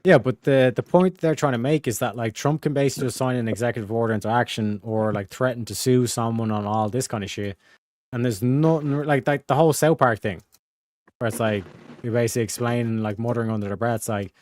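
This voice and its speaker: A man hosting a casual political chat stream, animated and profane, full of fillers. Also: medium pitch, brisk, dry recording. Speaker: streamer host.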